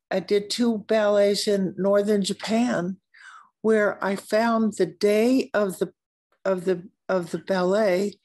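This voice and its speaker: An older American woman, an artist telling stories at a symposium, speaking in a halting, searching way with frequent restarts and occasional coughs. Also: mid-range voice, a little mellow. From United States. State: coughing at times. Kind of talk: unscripted conversation.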